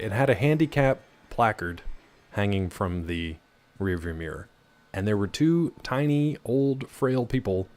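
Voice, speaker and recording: A man's voice: mid-range voice, darkish tone. A man casually commenting while playing a game, rambling through a story with lots of fillers. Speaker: gaming streamer. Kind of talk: casual let's-play commentary.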